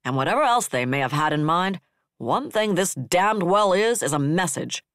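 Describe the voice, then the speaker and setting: A man voicing a bitter, level-headed male defense director who speaks flatly and harshly. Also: sits high, moderate pace, no room sound, studio quality, pitched above the performer's own voice.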